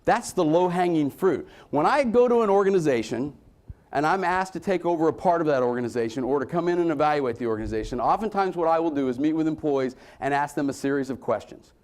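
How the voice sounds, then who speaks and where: A man giving a motivational conference talk to a room, swinging between loud emphasis and low asides. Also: quick pace. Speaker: conference speaker.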